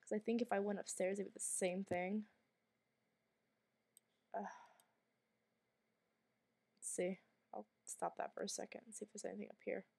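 A sick woman coughing through her let's play commentary, mid-pitched and ordinary in tone. She reacts in a jumpy, anxious way, swears freely and slips into hushed whispers when things get tense. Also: flat delivery, normal speed, creaky, long pauses, slightly rough. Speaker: gamer streamer.

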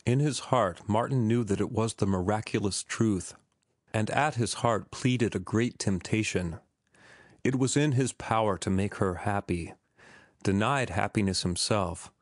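Guy reading an audiobook, steady and even, lowish voice, dry close sound. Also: dry recording. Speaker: audiobook narrator. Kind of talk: audiobook narration.

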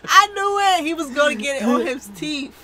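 A woman's voice: high-pitched, brisk, crowd noise. A woman hosting a reaction video, chatting casually and laughing often while clip music plays behind her. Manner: laughs often, animated exclamations.

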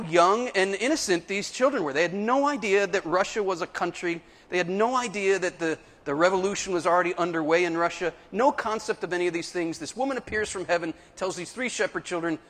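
Animated male speaker in a reverberant hall. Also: sits high. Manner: animated storyteller, playful asides. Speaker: Catholic speaker. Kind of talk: live talk to an audience.

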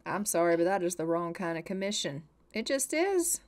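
A woman's voice: fairly low pitch, sing-song, moderate pace. A young woman giving chatty, exasperated and dramatic commentary over a life-sim game. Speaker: let's play host.

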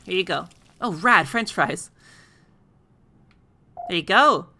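A chatty woman streamer playing a game with excitable commentary. Her voice is bright and lively, and she talks straight to the characters. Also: lowish voice, slow pace, slight background noise, rough recording. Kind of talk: casual playthrough commentary.

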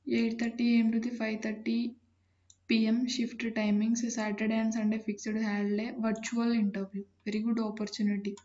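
Woman, reading job listings, businesslike with pauses, monotone, dull lo-fi sound. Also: fairly high pitch. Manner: plain, businesslike, with frequent "uh" pauses. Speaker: job-listing channel host.

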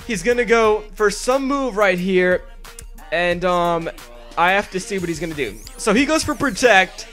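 Young male gamer narrator, high-pitched and hyped, laughs and cusses; light backing music. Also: moderate pace. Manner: excitable, swears freely, laughs at himself. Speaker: gaming video narrator. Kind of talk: casual commentary over a game battle. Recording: faint music underneath.

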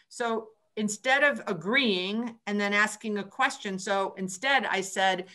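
A woman's voice: medium pitch, unhurried, bright, forceful tone. A woman hosting a book club call, chatting casually and retelling sales conversations with frequent restarts. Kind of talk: casual group call discussion.

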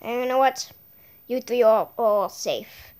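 A woman hosting a homemade toy game show in a playful, excitable way. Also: fairly high pitch, takes it slowly, clean tone. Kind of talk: playful role-play announcing.

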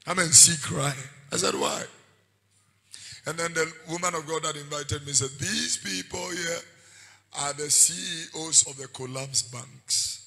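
A man preaching a sermon with a Ghanaian accent, shouting out warnings and switching between Twi and English. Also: a little high, measured pace, gravelly, low-quality recording. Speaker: prophet preaching.

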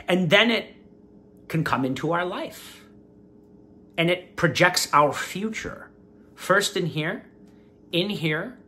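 A man hosting his own channel, casually commenting on an interview and speaking directly to his viewers in a preachy, animated way. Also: on the high side. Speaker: vlogger, channel host.

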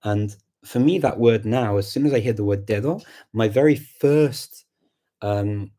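A man's voice: lowish voice, measured pace. A man hosting a casual live chat on language learning, explaining ideas thoughtfully and reading out viewer comments as he answers them. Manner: thoughtful and explanatory, reads out comments and reacts warmly.

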